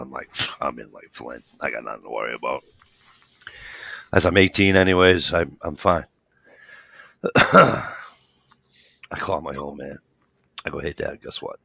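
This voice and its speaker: A man's voice: very deep voice, a little slow, gravelly, long pauses, breathy edge, dry recording. A man telling long stories in casual chat, acting out each side of the conversation and swearing freely. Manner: animated storyteller acting out dialogue, swears freely. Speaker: show regular.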